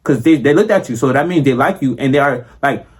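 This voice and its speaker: A man's voice: mid-range voice, fast, slightly rough. A young man, talking in a casual, profane monologue and acting out the other people in his stories. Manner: slangy, profane, animated, acts out quoted voices. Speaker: vlogger.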